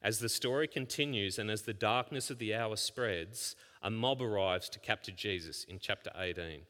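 A man preaching a sermon as pastor, firing rhetorical questions and moving between hushed scripture reading and loud emphasis. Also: on the low side, normal speed. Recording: long hall reverb.

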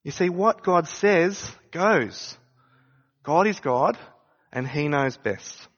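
A man preaching a conversational sermon, pitched a little above most men. His voice rings out in a long church reverb. The sound is somewhat muffled. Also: animated, slow, a bit bright. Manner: conversational preaching with rhetorical questions. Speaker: pastor.

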